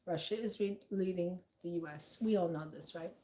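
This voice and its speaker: A woman's voice: fairly low pitch, normal speed, dark tone. A middle-aged woman vlogger talking in a rambling, sarcastic way, full of fillers and asides. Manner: sarcastic, meandering, many fillers. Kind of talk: casual rambling commentary.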